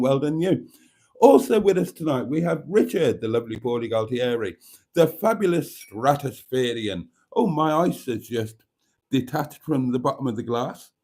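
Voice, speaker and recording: A man's voice: medium pitch, a little mellow. A British man hosting a casual live stream, camp and teasing, with a stuffy nose. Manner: camp, theatrical, teasing, calls viewers darlings.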